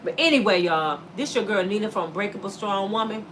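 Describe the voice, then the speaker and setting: A woman's voice: mid-range voice, animated, brisk, a bit bright, slight background noise. A woman in her fifties who hosts her own vlog and delivers a sassy, preachy comedic rant straight at her viewers. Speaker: vlogger host.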